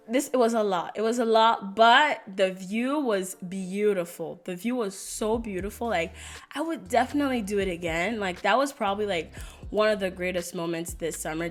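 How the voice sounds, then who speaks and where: A woman's voice: medium pitch, moderate pace. A young woman, telling stories in a casual vlog with lots of "like" fillers. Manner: chatty and animated, lots of "like" fillers. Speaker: vlogger.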